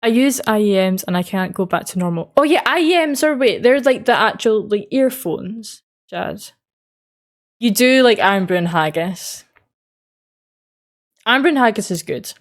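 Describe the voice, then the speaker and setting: A woman's voice: mid-range voice, expressive, moderate pace, pauses often. An Australian woman streamer in casual chat, reading out and answering live chat messages in an easygoing way with frequent laughs.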